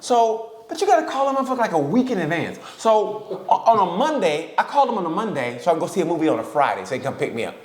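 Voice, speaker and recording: A man telling a long story on a casual podcast, his voice a bit high and swinging widely in pitch. He swears freely and laughs through his own tale. The room has noticeable echo. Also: fast talker, few pauses. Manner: profane, laughing, animated storyteller. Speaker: podcast co-host. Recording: roomy echo.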